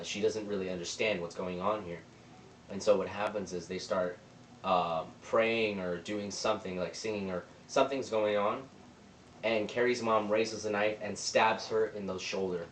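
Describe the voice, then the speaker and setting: A young man with a lowish voice walks through a movie's plot in a loose, rambling recap, slipping into the characters' lines as he goes. He sits some way back from the mic in a roomy space, with a faint hum of ambience behind him. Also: steady tone, normal speed, distant mic. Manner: rambling, retells scenes with quoted lines. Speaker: movie reviewer.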